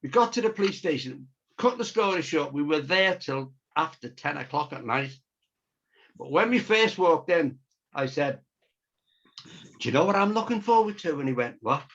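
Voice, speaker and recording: This illustrator's fairly high, slightly bright voice is expressive and moves at a normal speed as he tells a long, casual story over a video call. He performs the voices of the people in it, and the audio is dull and lo-fi.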